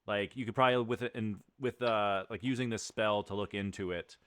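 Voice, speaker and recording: A man runs a tabletop role-playing session in an easy, rambling way, pausing on fillers as he describes the scene. His voice sits on the low side and the sound is dry and close, with no room around it. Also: clear, resonant tone, dry recording. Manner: relaxed, loose narration full of fillers. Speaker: game master. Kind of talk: narrating a tabletop game.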